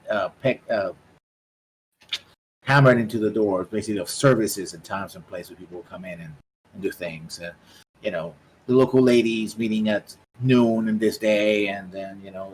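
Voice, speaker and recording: A man narrating as game master for a tabletop game, halting and full of fillers. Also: fairly low pitch, a little hiss or hum, low-quality recording.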